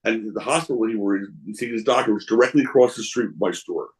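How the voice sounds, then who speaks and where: A man's voice: lowish voice, fast, poor audio. A man guesting on a podcast, telling casual stories in a rambling way, with frequent restarts, acting out the voices of people in them. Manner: animated, acts out voices in his anecdotes. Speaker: wrestling promoter guest. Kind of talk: casual storytelling.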